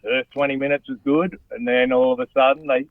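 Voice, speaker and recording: A man's voice: medium pitch, fairly quick, no echo. Australian man on a tinny phone line. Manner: blokey, animated, says "mate" a lot. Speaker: guest, former rugby player and radio host. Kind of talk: casual chat over a phone line.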